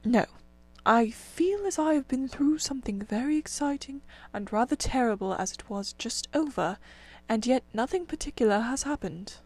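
A humble, weary male mole from a storybook, voiced by a woman reading aloud. He speaks tiredly and drowsily in a fairly high voice. The recording is dry and close. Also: lively intonation, moderate pace, dry recording.

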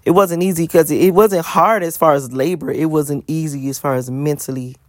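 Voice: medium pitch, fairly quick, dry recording, studio quality. An adult vlogger with school-age kids, talking bluntly and profanely in a casual storytelling monologue, repeating words for emphasis.

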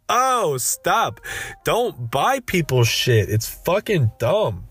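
A young man hosting a solo podcast, ranting in a sardonic, deadpan way full of profanity and restarts. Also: sits high, slow, husky, faint music behind. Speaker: podcast host. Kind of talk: rambling solo podcast monologue.

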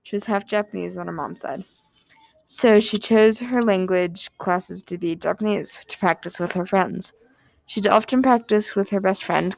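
A woman reading a short story aloud in a soft, even voice, dropping into breathy whispers on some phrases and adding the odd filler. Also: medium pitch, no room sound. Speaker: narrator.

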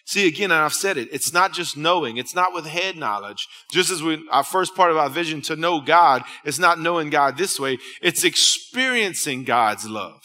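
A man's voice: fairly high pitch, expressive, moderate pace, few pauses, bright, forceful tone. A man pastor preaching a sermon in a church, talking conversationally and telling stories. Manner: conversational preaching, storytelling with restarts. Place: church hall. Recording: hall reverb.

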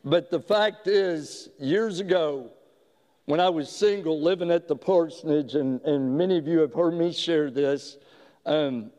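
A pastor tells a story from the pulpit, and his speech is slow and unhurried with many halting restarts. His voice sits a little high for a man. The sound rings with the long reverb of a large hall. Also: darkish tone. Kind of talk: sermon storytelling.

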